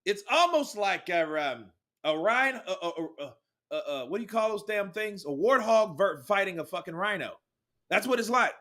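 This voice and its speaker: A man giving casual, excitable live play-by-play commentary on a boxing match, calling punches rapidly and swearing freely. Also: high-pitched.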